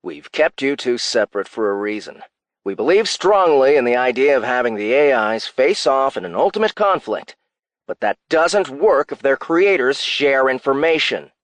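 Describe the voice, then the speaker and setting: A man's voice: mid-range voice, sing-song, normal speed, no room sound, natural voice. An actor voicing a smug, dismissive male company CEO who talks down to his staff with sarcasm. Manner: sarcastic, condescending.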